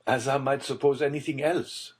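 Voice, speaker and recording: A man's voice: mid-range voice, steady tone, moderate pace, husky, pitched above the performer's own voice, natural voice. A man voicing a desperate middle-aged nobleman who speaks with tense, urgent gravity in an audiobook. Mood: grave. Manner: tense, urgent and grave delivery. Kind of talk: audiobook character voice.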